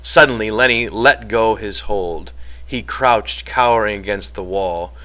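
Bright-voiced male audiobook narrator. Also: fairly low pitch, a little slow. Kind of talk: novel reading.

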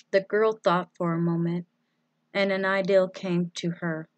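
A woman reading a children's book aloud, with slow, deliberate phrasing. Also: lowish voice, level tone, no echo, muffled recording. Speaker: storybook reader.

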